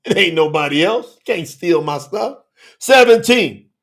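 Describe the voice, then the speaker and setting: A man preaching a live-streamed sermon, fervent and casual by turns, breaking into shouts as he reads scripture to his viewers. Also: high voice, expressive, unhurried, gravelly. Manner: casual colloquial talk to viewers.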